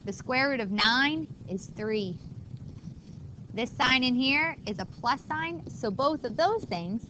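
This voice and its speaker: A woman's voice: sits high, lively intonation, slow pace, dull audio, noisy background. A woman teaching a math class, explaining step by step and talking to students in a chatty way. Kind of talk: classroom lecture.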